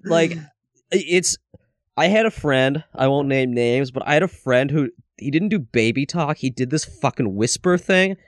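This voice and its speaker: A man's voice: mid-range voice, lively intonation, normal speed, dry recording. Thirtysomething guy cohosting a podcast, swears a lot, rambles, dead dry mic. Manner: profane, rambling storyteller with acted quotes. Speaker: podcast co-host. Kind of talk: casual comedic chat.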